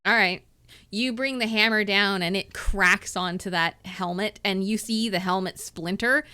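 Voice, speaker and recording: A woman's voice: mid-range voice, normal speed, bright, forceful tone, clean tone. A woman narrating a tabletop game as game master, in a loose, casual way.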